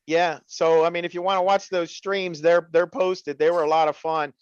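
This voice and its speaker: A man co-hosting a podcast, telling stories in a relaxed, matter-of-fact way in casual chat. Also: on the high side, normal speed, clear, resonant tone, dry recording. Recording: dull, dry lo-fi mic.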